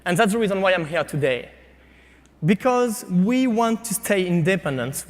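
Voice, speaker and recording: A man with a French accent giving a startup pitch to an audience, speaking haltingly with frequent fillers and restarts. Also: big-room sound. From France. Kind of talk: competition pitch presentation.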